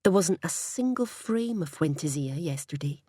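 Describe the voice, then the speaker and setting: A woman reading a crime novel aloud in measured, wry scripted narration. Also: low-pitched, animated, warm tone, breathy edge, no room sound, clean studio sound. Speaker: audiobook narrator.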